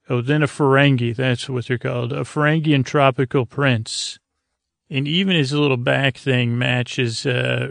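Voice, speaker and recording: A man's voice: medium pitch, creaky, no echo. A man hosting a podcast, giving a meandering, hesitant episode recap full of fillers, meant to lull listeners to sleep. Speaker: podcast host.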